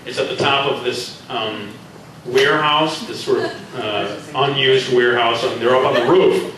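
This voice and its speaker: A man reading his own story aloud to a convention audience in a library room, animated with chuckling asides, recorded from far off in an echoey room. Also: medium pitch, unhurried, a little hiss or hum.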